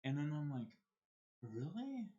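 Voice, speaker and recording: A man's voice: mid-range voice, lo-fi sound. An American man casually telling a personal story on a live stream, stumbling and repeating words as he goes. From United States. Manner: halting, repeats words and restarts often.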